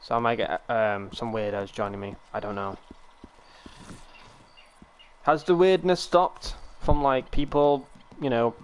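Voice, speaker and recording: A man's voice: mid-range voice, steady tone, a little slow, pauses often, slight background noise. A young man from the United Kingdom, chatting casually and rambling to his viewers while streaming a game. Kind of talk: casual live-stream chat.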